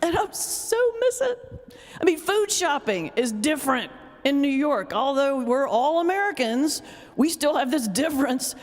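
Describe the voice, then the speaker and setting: A woman's voice: high voice, animated, normal speed. A middle-aged woman, an ordained minister giving a humorous lecture with a joking, teasing storyteller's delivery. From North Carolina, US South. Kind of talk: humorous lecture with stand-up comedy. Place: large hall before a live audience. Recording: long reverb of a lecture hall.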